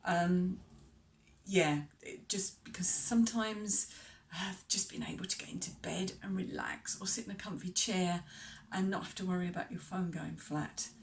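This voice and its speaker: A woman's voice: lowish voice, fairly even intonation, normal speed, a little hiss or hum. A woman travel vlogger talking casually to camera, hesitant with many ums and chatty asides. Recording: distant mic.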